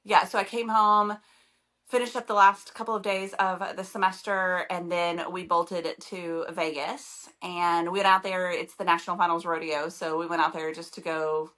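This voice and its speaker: A woman's voice: fairly low pitch, little pitch movement, normal speed, a bit bright. A young woman co-hosts a podcast in easy, casual conversation. She tells her stories eagerly and gushes about them. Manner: enthusiastic, gushing storyteller. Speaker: podcast co-host, professor. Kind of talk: casual chat.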